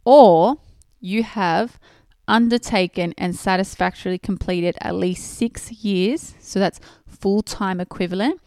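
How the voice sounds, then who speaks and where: Methodical woman explaining clearly. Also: lowish voice, a little mellow, no echo, clean studio sound. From Australia. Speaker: podcast host. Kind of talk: explanatory podcast talk.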